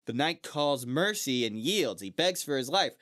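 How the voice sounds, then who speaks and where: A man's voice: medium pitch, big pitch swings, moderate pace, a bit bright, dry recording, clean studio sound. A man casually retelling a story on a book club podcast, breaking into slang and archaic quotes.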